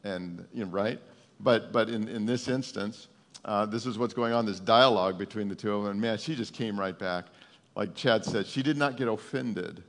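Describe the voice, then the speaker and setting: A man's voice: on the high side, gravelly, a bit bright. A male pastor giving a conversational, emphatic sermon in a folksy way, often stumbling and repeating words, recorded in a church with a long reverb.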